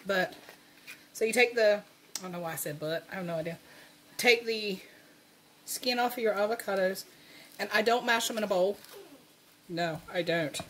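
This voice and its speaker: A woman's voice: mid-range voice, normal speed, long pauses, fairly bright tone, a little hiss or hum. A woman with a Southern accent hosting a casual cooking video in her home kitchen, chatty and folksy, laughing often. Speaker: cooking channel host.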